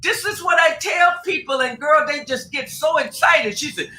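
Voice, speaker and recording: A woman spiritual advisor from Tacoma, Washington, with a high, bright, sharp voice. She talks emphatically and bursts into exclamations, calling the host "girl" and "honey" as she preaches in casual chat. The sound is echoey, with faint noise behind her. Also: moderate pace. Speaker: spiritual advisor, radio guest.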